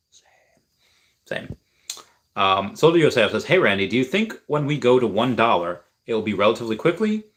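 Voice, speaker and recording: A man's voice: on the low side, fairly bright tone. Man rambling through viewer chat. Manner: rambling and repetitive, full of restarts and fillers. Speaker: crypto streamer answering viewer chat. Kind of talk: casual livestream chat.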